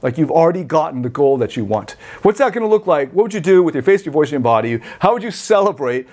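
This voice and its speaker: A man's voice: on the high side, big pitch swings, fast, darkish tone. A man voicing a demanding but patient male track coach in a retold story, giving coaxing instructions.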